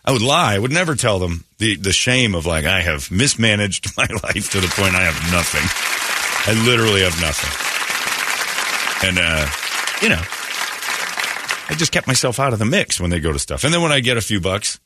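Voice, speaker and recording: A man hosting a morning radio show, telling self-mocking stories in casual chat and acting out quotes loudly. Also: on the low side, sing-song, moderate pace, long pauses, a loud crowd, very noisy. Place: radio studio. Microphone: studio microphone.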